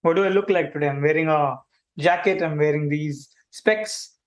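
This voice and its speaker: A man playing a friendly alien who hosts a kids' livestream, animated and chatty, talking straight to viewers. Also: a little high, moderate pace, close to an everyday voice. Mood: cheerful. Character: friendly male alien visitor hosting a kids' stream. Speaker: livestream host. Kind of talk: playful kids' livestream hosting.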